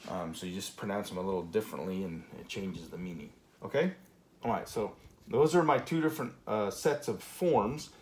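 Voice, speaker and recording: A low-pitched man gives a grammar lesson at a whiteboard. He talks in a relaxed way, with many fillers and check-ins, over a faint background noise. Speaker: Spanish teacher.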